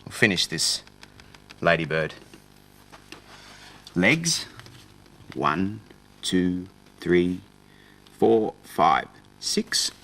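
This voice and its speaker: A young man presenting a children's TV show, talking slowly and playfully in a sing-song way for small children. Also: low-pitched, animated, gravelly, bright, forceful tone. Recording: music playing along.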